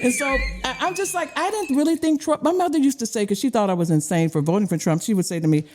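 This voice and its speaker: A middle-aged woman from Illinois, a former candidate and radio host, telling stories in casual chat, laughing often and acting out quotes with big jumps in pitch. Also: quick pace, a little mellow, soft background music. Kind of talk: animated storytelling in casual chat.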